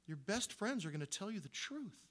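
A man's voice: sits high, big pitch swings, a little fast, fairly bright tone. A man preaching a sermon in a conversational, storytelling way, with frequent restarts. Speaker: pastor.

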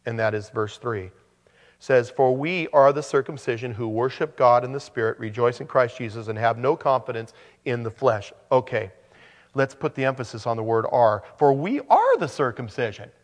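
A man preaching a sermon, animated, with joking asides and frequent restarts. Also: medium pitch, normal speed, in a large hall. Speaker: pastor.

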